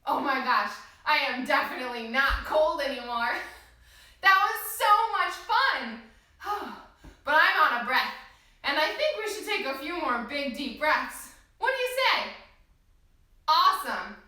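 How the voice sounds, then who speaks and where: A woman teaching a children's yoga class, guiding gently and encouragingly with slow, soothing instructions. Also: high voice, lively intonation, recorded from a distance. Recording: echoey room, voice from off-mic.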